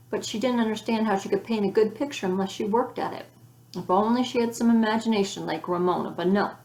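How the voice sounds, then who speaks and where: A woman calmly narrating a children's storybook, recorded with a roomy echo. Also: medium pitch. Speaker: audiobook reader.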